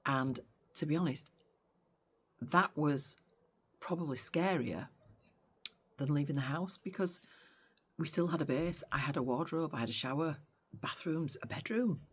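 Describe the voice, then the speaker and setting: A woman's voice: low-pitched, a little slow, long pauses, slightly rough. A middle-aged woman vlogging in a casual chat, talking in a chatty, sarcastic way and often going off on tangents.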